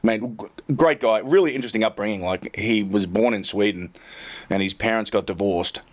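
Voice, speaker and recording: A middle-aged man with a fairly low voice rattles off rambling, self-mocking golf-tour anecdotes at a quick clip. He talks casually as a podcast co-host, full of likes and you-knows. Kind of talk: casual storytelling chat.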